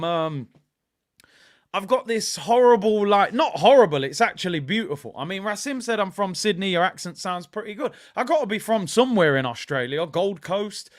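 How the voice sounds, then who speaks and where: A man from England hosting a casual football watchalong stream, chatty and excitable, rambling with lots of fillers. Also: high-pitched. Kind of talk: casual live-stream chat.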